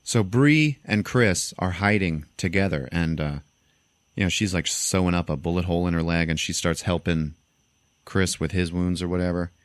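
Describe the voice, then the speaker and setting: A young man with a deep voice hosts a casual podcast and recaps a film scene by scene. He tells it loosely and animatedly, jumping into high voices for the characters. The sound is close and dry. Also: moderate pace, dry recording. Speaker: podcast host.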